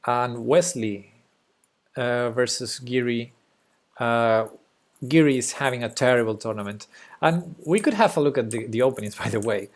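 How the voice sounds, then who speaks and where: A young man with a Spanish accent, a native Spanish speaker, giving casual live-stream chess commentary in a hesitant way with fillers and soft laughs. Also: medium pitch, normal speed.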